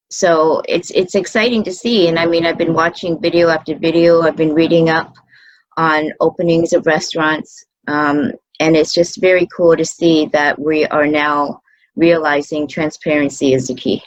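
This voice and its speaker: A woman speaking as a food service manager in an interview, measured and thoughtful, with frequent fillers and restarts. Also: deep voice, steady tone, lo-fi sound. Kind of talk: video interview answers.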